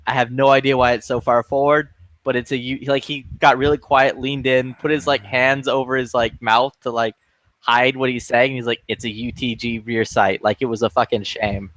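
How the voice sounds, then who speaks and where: A man's voice: mid-range voice, moderate pace, no echo. A man telling a long, profane story in casual chat, acting out the people in it. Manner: profane, animated anecdote with quoted voices. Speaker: lobby chat regular.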